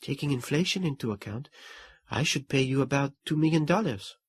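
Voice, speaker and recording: A man reading a shy, gentle woman who is meeting her ex-husband, in a soft, raised voice in an audiobook. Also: medium pitch, animated, a little fast, breathy edge, no room sound, voice pushed up.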